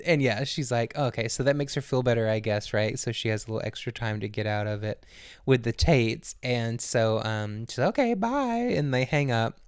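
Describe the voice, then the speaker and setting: A man's voice: medium pitch, steady tone, moderate pace, clear, resonant tone, no echo, studio quality. A man co-hosting a podcast, rambling with many fillers as he retells TV scenes and mimics voices. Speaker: podcast co-host. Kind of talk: casual episode recap.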